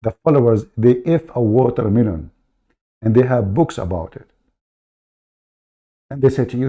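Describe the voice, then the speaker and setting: A man with a dark, gravelly voice and a mellow tone hosts a comedic commentary. He talks in a mocking, sarcastic way, needling his targets as he goes. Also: lowish voice, expressive, moderate pace, pauses often. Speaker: host. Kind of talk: comedic commentary and phone skit.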